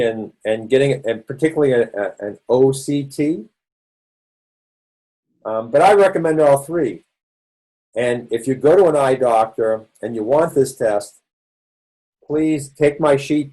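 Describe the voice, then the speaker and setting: A man's voice: medium pitch, unhurried, mellow, low-quality recording. A man with a Boston accent giving a conversational health lecture, rambling and restarting as he explains. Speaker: doctor presenting a health session. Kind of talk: online presentation lecture.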